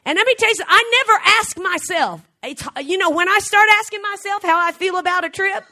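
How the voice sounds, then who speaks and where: A middle-aged woman preaching a fervent sermon, swinging from soft, slow passages to shouted exclamations and frequent laughter. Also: very high-pitched. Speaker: traveling preacher.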